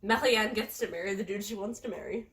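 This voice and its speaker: A woman's voice: mid-range voice, quick pace, a bit bright. A young adult woman chatting casually as a guest, bubbly and joking, swearing freely. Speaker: guest reviewer. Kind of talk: casual chat.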